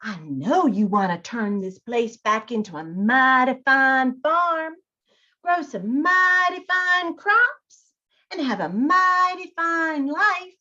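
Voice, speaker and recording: A woman's voice: high-pitched, lively intonation, slow pace, pushed and bright, muffled recording, pitched above the performer's own voice, exaggerated voice. A woman voicing a sly, scheming fox who talks like a coaxing salesman, as she reads a picture book aloud. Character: sly scheming fox, smooth-talking trickster.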